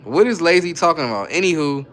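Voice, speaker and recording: A man's voice: fairly high pitch, lively intonation, fast talker, fairly bright tone. A man hosting a casual livestream, talking loosely in slang as he reads viewer comments aloud and answers them. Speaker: livestreamer reading chat. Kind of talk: casual live-stream chat.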